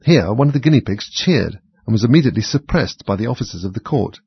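Very husky, low-voiced male narrator. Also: no echo. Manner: steady, measured reading. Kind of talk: storybook reading. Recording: dry, slightly dull recording.

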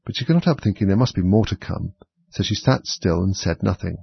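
A man narrates a storybook in a low, husky, gravelly voice, steady and even. The recording is dry and dull. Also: fast talker, no room sound. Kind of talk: storybook reading.

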